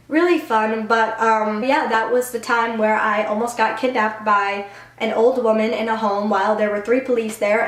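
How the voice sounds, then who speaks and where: A woman's voice: medium pitch, a bit bright. A young adult woman telling a story in a casual storytime vlog, chatty and full of "like" fillers. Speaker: YouTuber. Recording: roomy echo.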